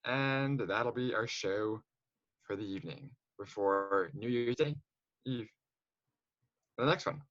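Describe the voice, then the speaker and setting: A man's voice: fairly low pitch, slow pace, pauses often, a bit bright, no room sound. Co-host: an easygoing man, casual sports chat, dull lo-fi mic in a dead, dry room. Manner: easygoing, conversational.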